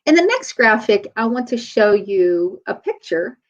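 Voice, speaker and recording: A middle-aged woman speaking in a relaxed, conversational way. She gives a faith-based motivational talk, and her pitch rises and falls a lot. The recording sounds dull and lo-fi. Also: a little slow. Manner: conversational storytelling. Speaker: chiropractor.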